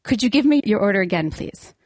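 A woman telling a story in a casual chat, animated and laughing often. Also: mid-range voice, quick pace, no echo, studio quality.

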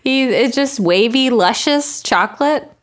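A playful woman co-hosting a casual podcast, tossing out quick jokes and ideas. Her voice sits a bit high and swings up and down with animated energy. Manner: playful, quick-witted, joking. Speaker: podcast co-host. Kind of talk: casual chat.

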